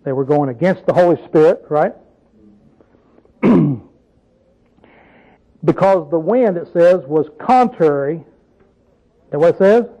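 Slow and animated, a man with a mellow voice on the high side pauses often, on lo-fi sound. The Bible teaching he gives is informal and conversational, with plenty of questions thrown to listeners and homely anecdotes.

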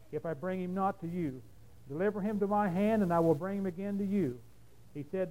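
A man's voice: sits high, warm tone, rough recording. A man preaching, reading a long scripture passage aloud steadily and then explaining it in plain talk.

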